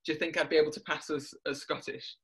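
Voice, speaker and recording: A man's voice: a little high, flat delivery, quick pace, a bit bright. A man interviewing a guest, often repeating words as he restarts and chuckling between questions. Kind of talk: warm-up interview chat.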